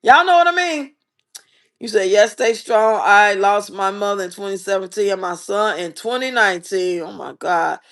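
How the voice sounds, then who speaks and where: A woman's voice: mid-range voice, normal speed. A middle-aged woman hosting a casual livestream, chatting playfully and reading viewers' comments aloud. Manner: lively, playful, talks straight to viewers. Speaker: livestream host.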